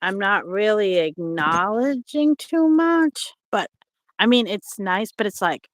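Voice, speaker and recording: A woman in her fifties speaking hesitantly on a video call, pausing often with sighs and small laughs. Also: mid-range voice, lively intonation, poor audio. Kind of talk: casual chat.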